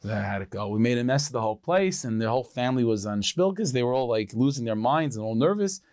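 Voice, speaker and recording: Guy doing a rough soldier reporting back, boasting, flat and plain. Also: mid-range voice, fast talker, no room sound, studio quality, natural voice.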